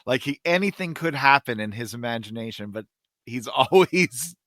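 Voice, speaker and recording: A podcast host with a mid-range, fairly bright voice chats casually and reads comic strips aloud with enthusiasm. He sounds animated at a moderate pace, and the recording is dry and studio quality.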